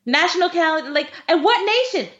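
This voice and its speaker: Laughing a lot, this podcast co-host keeps the conversation casual in a very high-pitched, fast, slightly bright voice. The audio comes across dull and lo-fi.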